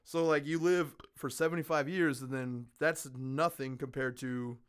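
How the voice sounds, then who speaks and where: A man hosting a podcast in casual chat, ranting with lots of swearing and animated storytelling. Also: on the high side, normal speed, clear, resonant tone. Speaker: podcast host.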